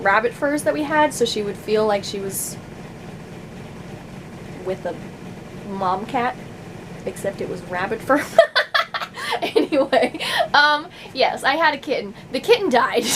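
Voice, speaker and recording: A woman's voice: a little high, a little hiss or hum, low-quality recording. A young adult woman vlogging in casual chat to camera, rambling with many fillers and frequent laughs.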